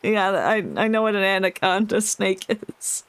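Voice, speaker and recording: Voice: medium pitch, level tone, moderate pace, a bit bright, smooth, dry recording. Casual streamer, jokey, reads game text aloud, dry close sound. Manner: jokey, reads dialogue aloud, laughs often. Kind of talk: casual gameplay commentary.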